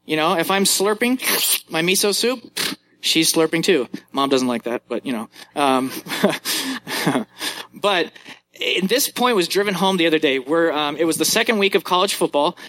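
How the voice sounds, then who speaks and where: A young male youth pastor delivers a sermon with a bright, forceful tone. He tells stories with lively jumps in pitch, acting out little moments as he goes. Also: moderate pace, slight background noise.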